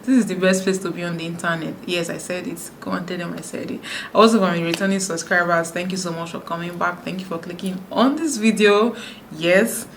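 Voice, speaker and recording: A woman from Nigeria talking fast to camera in a sit-down vlog, with frequent restarts. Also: on the low side, steady tone, a little hiss or hum. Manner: talks fast, many restarts. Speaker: YouTuber. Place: indoors, sit-down video.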